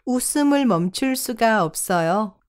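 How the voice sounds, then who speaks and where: A woman briskly reading short sentence prompts for a language lesson. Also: a little high, animated. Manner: reads each short prompt once, crisply.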